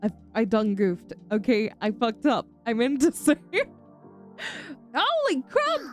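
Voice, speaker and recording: A woman's voice: on the high side, moderate pace, a little mellow, soft background music. A woman streamer chatting casually with her viewers, affectionate and giggly, calling them darling. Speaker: VTuber streamer. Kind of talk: casual live-stream chat.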